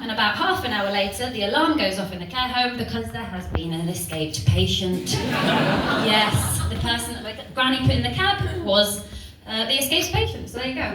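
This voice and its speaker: A woman delivers a deadpan stand-up set, filling pauses with ums and ahs. Her voice sits slightly high. She is heard from a distance in a noisy room with lots of echo. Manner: deadpan, rambling with many ums. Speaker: stand-up comedian. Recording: echoey room, far mic, noisy.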